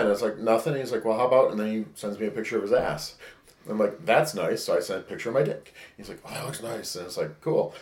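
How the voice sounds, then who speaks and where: A man with a fairly low voice tells a candid, rambling story in a casual podcast chat and acts out the lines of each text he quotes. His voice rings around a roomy, echoey space. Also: quick pace, darkish tone. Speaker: podcast co-host. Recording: echoey room.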